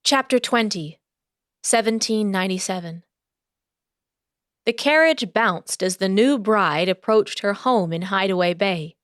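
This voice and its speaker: Woman reading an audiobook, steady storytelling, mid voice, dry no room. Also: mid-range voice, measured pace, dry recording. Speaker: audiobook narrator. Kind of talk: scripted audiobook narration.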